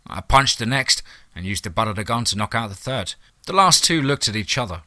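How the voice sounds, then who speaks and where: A man tells a first-person monster-hunting tale in a wry, hard-boiled, profane way. His voice sits low and has a bright, sharp edge. The recording is dry and close. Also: animated, brisk, dry recording. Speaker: storyteller. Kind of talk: first-person horror story narration.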